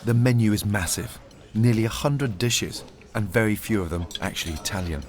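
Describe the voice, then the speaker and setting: A man's voice: lowish voice, moderate pace. A man reading scripted voice-over narration in a dry, wry manner. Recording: loud music bed under narration.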